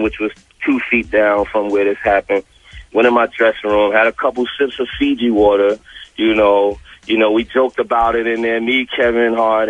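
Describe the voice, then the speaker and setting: A man, a guest on a radio interview, telling a story in an animated way and acting out both sides of the exchange. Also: mid-range voice, no echo. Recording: dull lo-fi radio audio.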